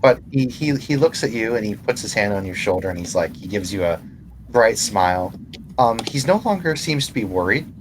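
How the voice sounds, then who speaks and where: Deep-voiced man running a tabletop game. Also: lively intonation, brisk, a little hiss or hum. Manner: loose, rambling narration with fillers. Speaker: game master.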